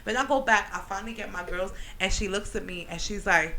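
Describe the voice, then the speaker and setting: Bright-voiced laughing New woman. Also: mid-range voice, fairly quick, a little hiss or hum, low-quality recording. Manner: animated, laughing, slangy. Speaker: radio show host and teacher. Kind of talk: casual radio banter and storytelling. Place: radio studio.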